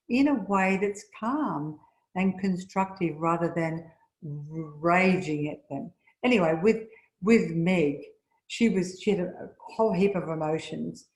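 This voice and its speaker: A middle-aged woman leading a spiritual seminar, telling stories and acting out the people she quotes with rising pitch. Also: a little mellow. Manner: storytelling, acts out quoted voices with rising pitch. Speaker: seminar leader. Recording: echoey room.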